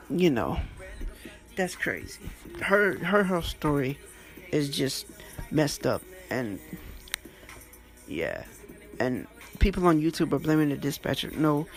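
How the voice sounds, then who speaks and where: A man telling stories in a casual monologue, blunt and swearing freely, with soft music behind him. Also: vocal fry. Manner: blunt, swears freely, wide swings in pitch. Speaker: storytelling vlogger.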